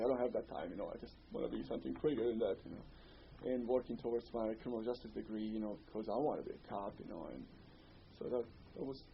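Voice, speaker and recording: A man's voice: on the low side, creaky. A man in his thirties with a Bosnian accent, recounting his life in an oral history interview, rambling with lots of "you know.". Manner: rambling storyteller, many "you know" fillers. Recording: slightly muffled recording with faint hiss.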